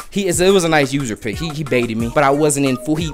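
A young man giving excited live commentary on a football video game, bursting into shouts with friends in the room. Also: on the high side, fast. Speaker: gameplay commentator. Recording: loud music over the voice.

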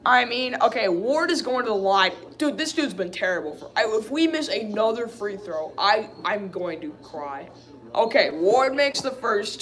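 A man giving a live play-by-play reaction as a frustrated fan, calling plays, venting and saying "dude" often. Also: high voice. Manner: excitable, frustrated partisan fan who keeps saying "dude".

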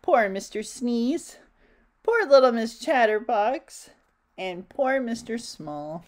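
A woman reading a children's picture book aloud in a gentle, expressive way, chatting to her listeners. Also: on the high side, takes it slowly. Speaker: storybook reader. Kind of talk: children's story read-aloud.

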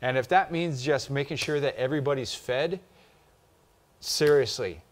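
A man's voice: mid-range voice, moderate pace. Joking, emphatic male co-host. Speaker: filmmaker co-host. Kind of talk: casual podcast chat.

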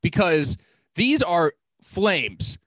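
High-voiced man arguing playfully on a podcast. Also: very animated, very slow, a bit bright, no echo. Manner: argumentative, joking, swears casually. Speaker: podcast co-host. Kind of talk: casual chat.

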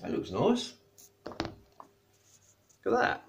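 A man's voice: sits high, huge pitch swings, slow, gravelly, slight background noise. A man chatting casually as he reviews food, tasting and eating while he talks. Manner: chatty, tastes and eats while talking. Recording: echoey room.

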